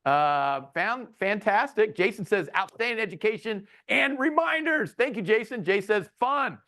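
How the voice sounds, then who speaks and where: Animated, playful male speaker. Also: high-pitched, moderate pace. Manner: playful, bursts into loud comic characters. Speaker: keynote speaker and humorist. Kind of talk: lively webinar presentation.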